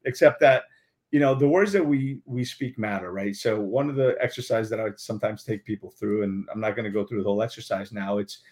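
A man's voice: lowish voice, a little fast, a little mellow. A man speaking as a guest on a talk show, giving earnest, emphatic motivational advice and repeating affirmations.

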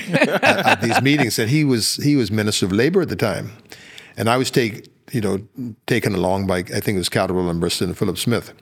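Older Bahamian male guest, low voice, animated anecdotal storyteller. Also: gravelly, breathy edge. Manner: animated anecdotes, many fillers and restarts. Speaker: guest, former politician. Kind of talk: podcast interview storytelling.

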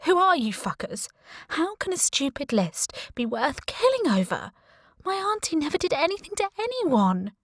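A woman narrator voicing a frightened, defiant teenage girl in an audiobook, with high, strained, sweary outbursts. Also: expressive, measured pace, dry recording, studio quality. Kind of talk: audiobook character voice.

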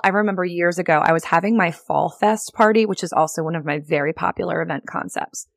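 A woman's voice: fairly low pitch, fast, creaky, hardly any pauses, dry recording. A woman hosting a solo podcast, teaching in a chatty, upbeat way with frequent laughs and filler words. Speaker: podcast host and real estate agent.

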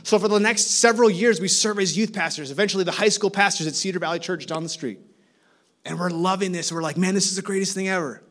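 A middle-aged man from Minnesota preaching as a guest speaker, telling a story with lively energy and acting out each conversation in changing voices. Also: mid-range voice. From Minnesota, USA. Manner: animated, acts out dialogue with shifting voices. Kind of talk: storytelling sermon.

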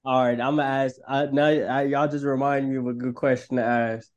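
A man co-hosting a casual film podcast, joking and quick to laugh as he quizzes his co-hosts. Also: medium pitch, highs cut off. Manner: joking, animated, laughs often. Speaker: podcast co-host. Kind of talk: casual chat.

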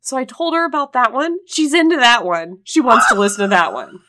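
A woman co-hosting a podcast. She is sick and her voice sits lower than usual, and she tells stories in a casual, animated way, acting out the quoted voices. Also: a little fast. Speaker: podcast co-host. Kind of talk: casual storytelling chat.

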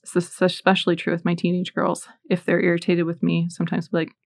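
Gravelly-voiced woman telling faith stories. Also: on the low side, completely flat delivery, fast, no echo, clean studio sound. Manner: earnest storytelling, reads scripture aloud. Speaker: Catholic speaker. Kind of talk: faith talk with personal stories.

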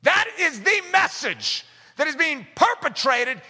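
A man preaching a sermon with fervor, rising to shouts and mimicking the voices of doubters. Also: extremely high pitch, sing-song, measured pace. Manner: impassioned, rising to shouts, acting out skeptics' voices. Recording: long reverb of a large hall.

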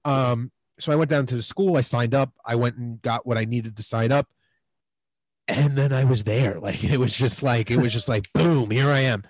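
A man's voice: medium pitch, normal speed, darkish tone, no room sound, rough recording. A man in his twenties telling stories as a podcast guest, rambling with lots of fillers. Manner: rambling, filler-heavy, lots of "like" and "you know". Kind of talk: casual storytelling.

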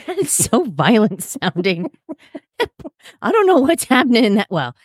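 A woman's voice: a little high, wildly swooping pitch, slow pace, slightly rough, dry recording, studio quality. A woman co-hosting a podcast in casual chat, teasing and laughing often. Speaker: podcast co-host.

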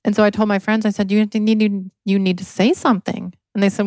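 A woman's voice: mid-range voice, level tone, fairly quick, a little mellow, dry recording. A woman from Michigan, an interview guest, telling her life story earnestly and with emotion. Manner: earnest, emotional, acts out quoted voices. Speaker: podcast guest, inventor.

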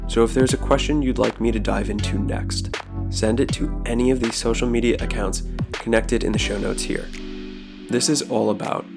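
A man hosts his own podcast alone, talking in a calm and thoughtful way. His voice has a gravelly edge. He keeps pausing to ask the listener questions. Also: mid-range voice, over music. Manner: calm, reflective, asks rhetorical questions. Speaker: podcast host. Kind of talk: solo podcast monologue.

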